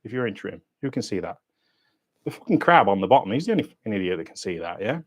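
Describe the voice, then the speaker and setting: A British man hosting a diving channel's livestream Q&A, talking bluntly in sweary, matey banter with lively swings in pitch and loudness. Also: fast talker. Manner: animated, lively ups and downs in pitch and loudness.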